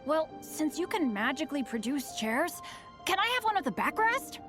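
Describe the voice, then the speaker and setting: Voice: high-pitched, big pitch swings, moderate pace, over music. A cheerful, unlucky teenage boy. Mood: upbeat. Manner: upbeat, eager. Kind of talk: game voice acting.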